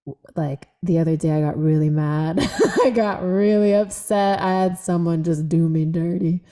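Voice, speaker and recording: A woman's voice: fairly low pitch, normal speed, mellow. A woman guest on a podcast interview, telling stories expressively, acting out inner voices and laughing often. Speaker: guest, movement practitioner.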